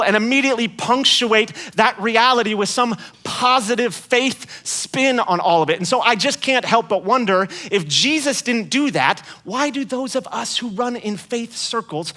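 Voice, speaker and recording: A man's voice: sits high, pushed and bright. A man preaching a sermon as a guest speaker, in a conversational, playful way, acting out quoted voices.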